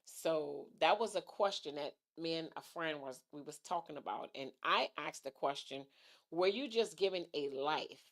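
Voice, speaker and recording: A middle-aged woman hosts a casual livestream talk show, reading viewer comments aloud, thinking out loud and repeating her phrases. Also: deep voice, normal speed.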